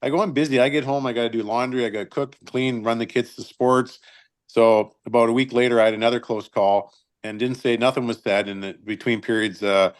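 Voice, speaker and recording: A man's voice: medium pitch, brisk, smooth. A man in his fifties, a retired hockey linesman, telling stories casually and acting out the quotes. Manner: animated storyteller, acts out quotes. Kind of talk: casual storytelling.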